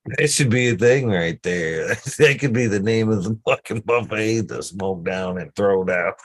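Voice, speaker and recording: Very deep-voiced laid-back man. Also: measured pace, dry recording. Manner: laid-back, swears freely, laughs between phrases. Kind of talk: casual stoner chat.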